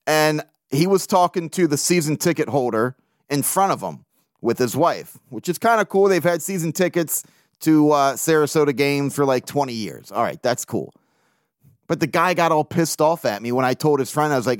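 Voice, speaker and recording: A man's voice: a little high, lively intonation, normal speed, no echo, studio quality. A man hosting a podcast, telling stories in a rambling, profane, self-mocking way. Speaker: podcast host. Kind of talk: casual monologue.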